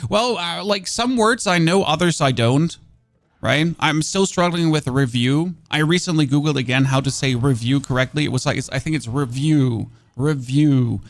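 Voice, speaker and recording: A man's voice: on the high side, moderate pace, no room sound. A German man with a German accent, a streamer giving casual gameplay commentary and answering chat in a chatty, self-mocking way with many fillers.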